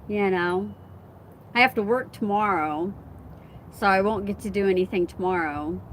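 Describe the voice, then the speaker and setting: There's slight background noise behind this woman's mid-range voice. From outdoors at her home, with wind and chimes around, she hosts a casual live stream on her phone, chatting, laughing frequently, and responding to the comments she reads.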